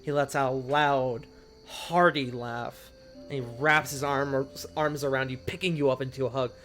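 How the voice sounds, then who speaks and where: A man's voice: medium pitch, little pitch movement, moderate pace, a bit bright, faint music behind. Man rambling through tabletop narration. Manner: loose, rambling narration with restarts. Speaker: game master.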